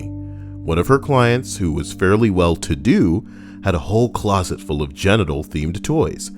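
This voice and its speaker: Deep-voiced man reading stories, jokey. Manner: jokey, rambling asides, swears casually. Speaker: channel host reading stories. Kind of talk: reading stories with joking commentary.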